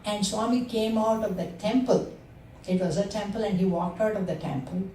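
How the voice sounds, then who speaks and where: Her voice mid-range, warm and dark, an Indian woman in her sixties whose first language is Telugu tells a personal devotional story to a satsang gathering, earnest and hesitant. The mic sits well away from her in the roomy, echoing meeting hall of a spiritual center, with a faint hiss.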